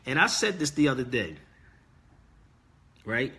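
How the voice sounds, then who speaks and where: A middle-aged man preaches to his livestream audience in a casual monologue. His voice sits at an ordinary pitch for a man. He is insistent and emphatic, hammering his points home by repeating key words. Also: sing-song, unhurried, sharp tone. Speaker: livestream host.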